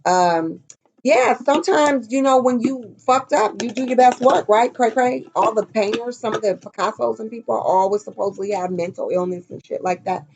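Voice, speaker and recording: A woman's voice: fairly high pitch, normal speed, darkish tone. A woman giving a casual, blunt tarot reading, chatty and profane, talking straight to her viewers. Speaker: tarot reader.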